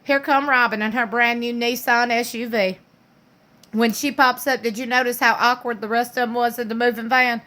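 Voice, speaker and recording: A woman's voice: on the high side, steady tone, moderate pace, bright, forceful tone. A woman, casually recapping a reality show in a sassy, gossipy way full of slang and playful impressions.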